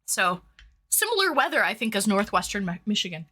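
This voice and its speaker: Her medium-pitched voice is sing-song, bright and forceful, and she talks fairly quickly. She's a livestream host from Toronto, Canada, chatting bubbly hellos to viewers by name as hot sauce makes her nose run.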